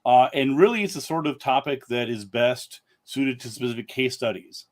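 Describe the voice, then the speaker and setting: A man of ordinary middle pitch chats casually as a guest author. He rambles and circles back, with frequent "uh" fillers and restarts. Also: moderate pace, a little mellow. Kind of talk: casual live-stream chat.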